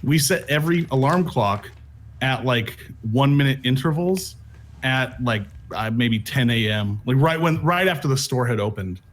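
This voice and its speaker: A man's voice: mid-range voice, lively intonation, moderate pace. A man telling a long story in casual chat, rambling with many restarts. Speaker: streamer telling stories. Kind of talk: casual chat while gaming.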